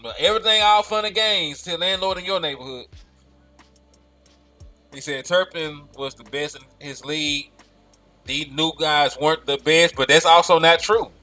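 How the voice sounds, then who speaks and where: A man co-hosting a casual chat, teasing his partner in an animated way and laughing a lot. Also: fairly high pitch, normal speed, faint music behind.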